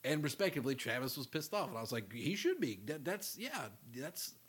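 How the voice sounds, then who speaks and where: Young man, podcast co-host, husky voice, rambling casual chat, swears a lot. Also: fairly high pitch, sing-song, fairly quick, fairly bright tone.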